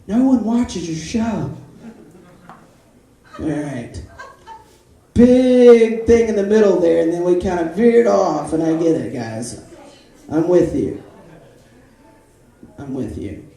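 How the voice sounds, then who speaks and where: Stand-up comedian, animated, character voices, club stage, heavy echo, distant mic. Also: medium pitch, slow pace, gravelly, long pauses. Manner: animated, jumps into character voices and sung jingles. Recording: echoey room, mic from a distance.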